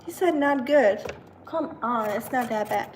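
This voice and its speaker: A woman with a slightly high voice chats on a live stream while she cooks in her kitchen. She talks easily to her dog and reads out viewer comments between tasks. Dishes and pans clatter clearly in the background. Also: unhurried, a little hiss or hum, rough recording. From learned British English. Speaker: livestream host. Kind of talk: casual live-stream chat while cooking. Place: home kitchen. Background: kitchen clatter of dishes and pots.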